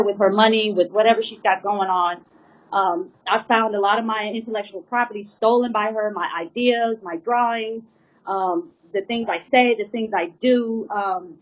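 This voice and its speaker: A woman drummer giving an earnest, emotional personal account, rambling with many fillers and pleading at times. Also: medium pitch. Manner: rambling, full of "you know" and "like" fillers. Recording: slightly muffled lo-fi recording.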